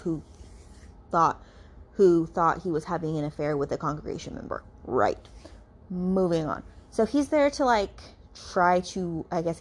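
A woman's voice: fairly low pitch, a little mellow, husky. A woman hosting a book podcast, recapping a novel in a chatty, filler-heavy way with casual swearing. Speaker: podcast host reviewing a novel.

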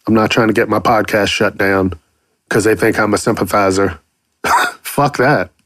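A man's voice: lowish voice, fairly even intonation, normal speed, fairly bright tone, dry recording, clean studio sound. A man hosting a podcast, rambling casually and cursing freely while he muses on voice acting. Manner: profane, rambling, playful silly voices. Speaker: podcast host. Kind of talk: casual solo podcast monologue.

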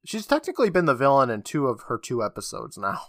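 A man's voice: mid-range voice, very animated, fast, fairly bright tone, no echo, studio quality. A man co-hosting a casual podcast, recapping episodes with a chatty manner, acting out quotes and laughing often.

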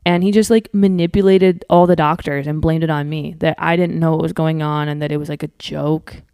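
A woman's voice: sits low, fairly even intonation, brisk, warm tone, clean tone, dry recording, clean studio sound. A young woman from Minnesota, a comedian guesting on a podcast, talking candidly and swearing freely. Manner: candid, swears freely, acts out quotes in a raised voice. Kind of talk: casual chat.

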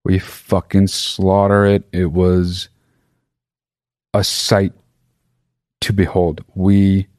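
A man's voice: deep voice, completely flat delivery, drawn-out words, long pauses, a little mellow, clear, resonant tone, dry recording, studio quality. A man telling a comedic story in a rambling monologue, swearing freely and mocking himself, often stopping to correct himself. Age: adult. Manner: profane, sarcastic, rambling with self-interruptions.

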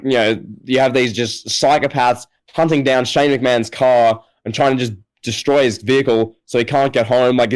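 A man's voice: medium pitch, poor audio. Man telling a wild story on a podcast. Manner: animated, hyperbolic storytelling. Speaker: podcast co-host. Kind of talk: casual podcast chat.

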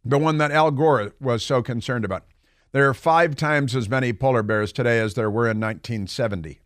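A man's voice: mid-range voice, brisk, dry recording. A middle-aged man hosting a talk radio show, delivering a sarcastic, mocking monologue in a studio. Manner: sarcastic, mocking, animated storytelling. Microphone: studio microphone.

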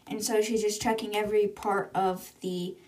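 Chatting through a book's chapters, this woman podcaster keeps slipping into quotes using "she's like." She speaks at a moderate pace in a level, medium-pitched voice with a darkish tone. Roomy echo and mic distance color the sound.

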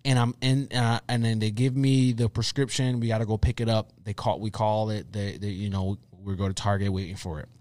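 A young man co-hosting a podcast, chatting casually and telling a story with animated repetition for emphasis. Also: lowish voice, brisk, few pauses, no room sound, studio quality. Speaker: podcast co-host. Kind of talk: casual chat.

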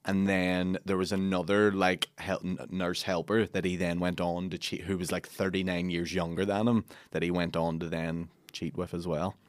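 Low-voiced, teasing man. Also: flat delivery, normal speed, hardly any pauses, no room sound. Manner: teasing, joking, laughs easily. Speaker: podcast guest. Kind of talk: casual chat.

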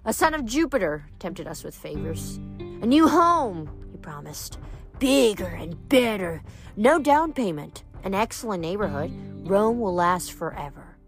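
A woman reading aloud, voicing a bitter, vengeful ancient female water nymph in a slow, menacing way. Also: medium pitch, sing-song, soft background music.

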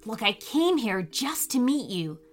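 A woman voicing a friendly, reassuring male superhero speaking calmly to a young boy in a children's audio story. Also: fairly high pitch, unhurried, soft background music.

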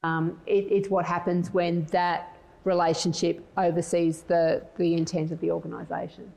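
A woman's voice: fairly low pitch, level tone, creaky, dark tone, rough recording. Thoughtful woman giving a talk. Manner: measured, thoughtful, with frequent restarts. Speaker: conference speaker. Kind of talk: conference presentation.

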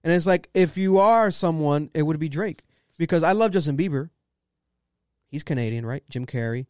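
A man hosting a casual podcast, riffing with loose, profane energy. His voice sits a touch high and comes through smooth. The sound is dry and close. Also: normal speed, no room sound. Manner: loose, profane, animated opinion talk. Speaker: podcast host.

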